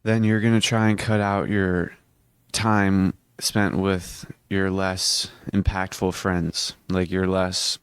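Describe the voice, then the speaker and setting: A teenage boy vlogs about self-improvement in a deep, even, level voice that stays smooth and clear. He talks earnestly and rambles, restarting his sentences as he goes. The recording is close and dry, with no room sound. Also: slow pace, dry recording. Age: teens. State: hiccuping. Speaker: vlogger. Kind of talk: casual self-improvement vlog.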